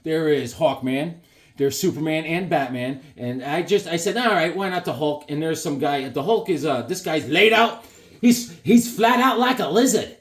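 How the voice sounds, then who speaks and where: A man casually showing his drawings and comics to viewers, animated and jumping into quick silly voices. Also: fairly high pitch. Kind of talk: casual chat to camera.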